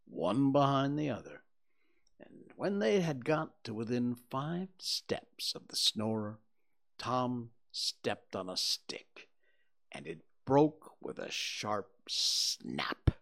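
Slow, measured male audiobook narrator. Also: lowish voice. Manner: slow, measured, dropping to a hush at tense moments. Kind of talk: scripted narration of a novel.

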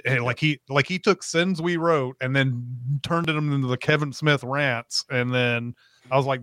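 This podcast co-host keeps things casual, rambling along and laughing a lot as he plays out his own reactions. He speaks at a moderate pace in a mid-range, fairly bright voice. The sound is clean studio audio with no room sound.

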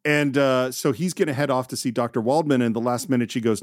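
A man's voice: mid-range voice, fast, dry recording, studio quality. A man hosting a podcast, chatting enthusiastically as he recaps an old film. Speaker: podcast host. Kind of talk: casual film discussion.

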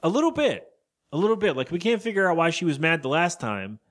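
A man's voice: a little high, sing-song, fairly bright tone. A man co-hosting a casual podcast, rambling through an episode recap and acting out characters' lines. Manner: rambling, acts out characters' lines in quick voices. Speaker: podcast co-host.

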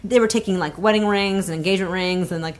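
Young woman rattling off a story super fast, lots of laughing, animated. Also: fairly low pitch. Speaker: comedy podcast guest. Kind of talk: casual storytelling.

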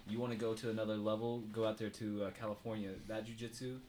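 A young man in casual chat about fighting, relaxed, swearing and laughing freely. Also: fairly low pitch, quick pace, slight background noise. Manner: laid-back, swears freely, laughs often. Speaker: podcast co-host, jiu-jitsu practitioner.

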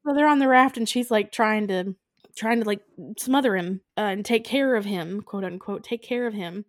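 A woman co-hosting a casual movie recap, animated and acting out characters' lines. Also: medium pitch, moderate pace, dry recording, clean studio sound. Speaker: podcast co-host.

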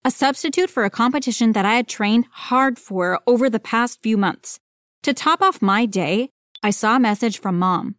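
A woman reading a first-person story aloud as a storyteller, in an expressive, dramatic way. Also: fairly high pitch, normal speed, no room sound. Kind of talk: scripted first-person narration.

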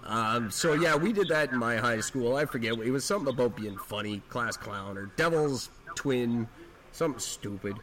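A man's voice: medium pitch, expressive, moderate pace, noisy background. A man hosting a podcast in casual chat, laid-back and joking while running soundboard clips. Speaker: podcast host.

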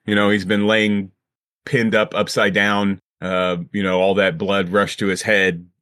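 A man's voice: fairly low pitch, little pitch movement, measured pace, fairly bright tone, no room sound, clean studio sound. A man running a tabletop role-playing game, asking players questions and narrating in a laid-back way. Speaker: game master.

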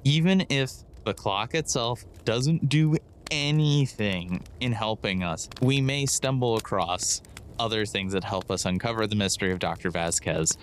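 A man's voice: fairly low pitch, measured pace, a little hiss or hum. A man playing in a tabletop game, steadily steering the group back to the task at hand. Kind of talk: casual role-play chat.

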